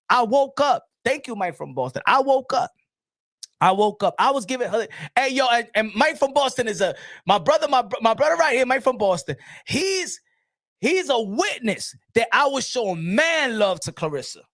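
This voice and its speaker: A man hosting a casual boxing live stream, animated and laughing, often repeating himself and switching between languages. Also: extremely high pitch, normal speed, no echo, clean studio sound.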